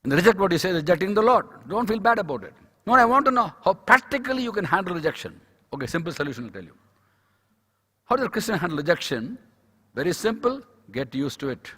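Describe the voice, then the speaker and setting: A man's voice: high voice, sing-song, quick pace, a bit bright, breathy edge. A man giving a devotional sermon at a conference, telling stories, acting out the dialogue and repeating key phrases. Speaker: speaker at a medical Christian conference. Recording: reverberant conference hall.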